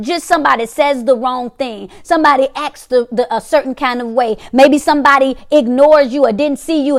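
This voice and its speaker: Host: middle-aged woman, high voice, emphatic motivational teacher who repeats herself. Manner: emphatic, repeats phrases, acts out reactions. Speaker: therapist hosting a weekly talk.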